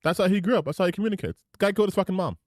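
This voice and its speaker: A man's voice: high voice, very fast, no room sound. A man streaming reaction commentary over clips, indignant and sarcastic, swearing freely into a close desk mic.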